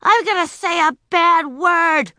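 A woman voicing a stubborn, hurt little girl who shouts and whines in a storybook reading. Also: extremely high pitch, slow pace, dry recording, studio quality, voice pushed up, exaggerated voice. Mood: defiant. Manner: shouting, whiny and tearful. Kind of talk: audiobook character voice.

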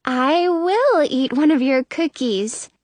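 A woman's voice: sits high, expressive, slow, darkish tone, no room sound. A woman voicing a meek, literal-minded young princess who speaks in a shaky voice. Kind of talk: audiobook character reading.

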